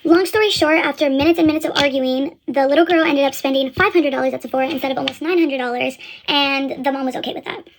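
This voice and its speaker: A woman's voice: sits high, fast talker, few pauses, background noise. A young woman who works in retail, telling a story in a casual, blunt way with lots of fillers and some swearing. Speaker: retail store employee.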